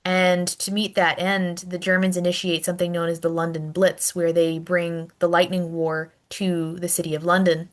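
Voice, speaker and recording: A woman's voice: fairly low pitch, monotone, normal speed, hardly any pauses. A woman teaching a recorded history lecture in a conversational way, often restarting and repeating words as she goes.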